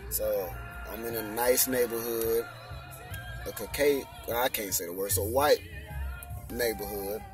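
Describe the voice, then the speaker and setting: A man's voice: on the low side, a little slow, long pauses, recorded from a distance, music in the background. A young man casually telling the story of his faith testimony, using lots of slang and saying "you know what I'm saying" again and again.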